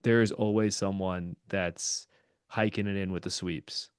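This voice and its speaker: Low, smooth-voiced man guest. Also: steady tone, measured pace, dry recording, clean studio sound. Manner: earnest, thoughtful, with fillers. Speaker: podcast guest, ultrarunner and commentator. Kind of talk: casual interview talk.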